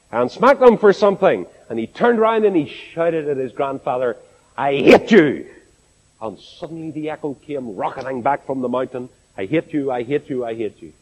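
A man's voice: a little high, darkish tone. A man with a Northern Irish accent preaching a sermon to a congregation, speaking expressively and asking rhetorical questions in an echoey hall. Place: large assembly hall.

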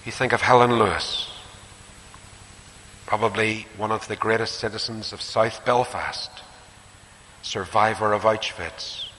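A man's voice: lowish voice, sharp tone. An older man with a Northern Irish accent preaching a sermon, telling stories with shifting emphasis. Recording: echoey hall with faint hiss.

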